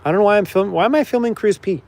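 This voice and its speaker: A man's voice: sits high, fast, a little mellow, big-room sound. A middle-aged man chatting casually on a livestream to his members, laughing often and talking to his dog.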